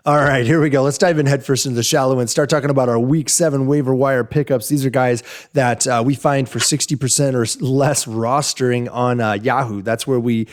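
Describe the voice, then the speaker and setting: A man's voice: medium pitch, fairly even intonation, a little fast. A man co-hosting a sports podcast in casual chat, laid-back and jokey, rambling with fillers, recording on the road. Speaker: podcast co-host.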